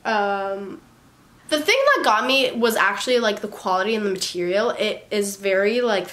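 A young woman hosts a try-on haul vlog in a hoarse, raspy voice, worn rough by a cold. She chats casually and pokes fun at herself, with plenty of fillers along the way. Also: mid-range voice, moderate pace, a bit bright. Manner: chatty and self-mocking, lots of fillers. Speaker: YouTuber hosting a try-on haul.

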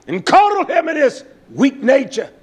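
A man preaching a sermon, emphatic and rising at times to shouts. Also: very high voice, wildly swooping pitch, moderate pace.

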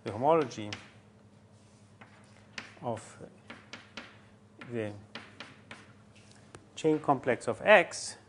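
A man giving a university mathematics lecture, halting often with fillers and restarts as he works through a proof. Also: medium pitch, lively intonation, fairly bright tone, slight background noise. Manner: halting, many fillers and restarts while writing.

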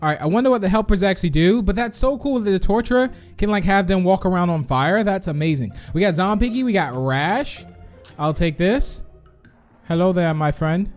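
A young man hosting a gaming video, chatting and reacting quickly with frequent laughs. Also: high voice, animated, faint music behind. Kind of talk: excited gameplay commentary.

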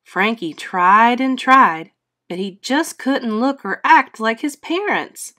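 A woman reading a children's storybook aloud in a slow, expressive, teacherly way. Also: on the high side. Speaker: read-aloud host.

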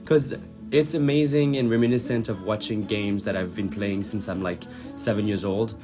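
A man's voice: on the low side, moderate pace. French-accented man chatting over music. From France. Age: 30s. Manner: chatty, lively, reads out and answers comments. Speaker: drag performer on a livestream. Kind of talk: casual livestream chat reading comments. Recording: music playing behind the voice.

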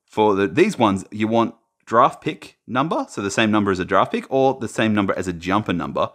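A man commentating casually as he opens trading card packs, naming players and now and then breaking into high, excited shouts over good pulls. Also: brisk. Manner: excitable, talks while sorting cards, bursts into high shouts over big pulls. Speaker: card-opening YouTuber.

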